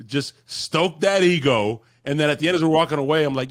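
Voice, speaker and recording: A male podcast co-host in casual chat, excitable, cutting in often and swearing. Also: fairly high pitch, brisk, few pauses, dry recording, studio quality.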